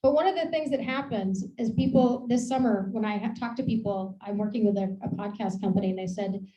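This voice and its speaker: A woman from Maine gives a casual, rambling talk about her research to an audience, presenting with slides. Her medium-pitched voice is brisk and dark in tone, and she's chatty and laughs at herself. The recording has an echoey room and dull lo-fi sound.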